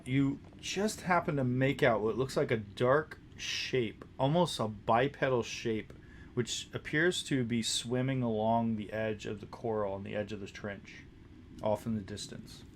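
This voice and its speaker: A man narrating a tabletop game as dungeon master, describing scenes in a halting way with many restarts. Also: medium pitch, a little hiss or hum.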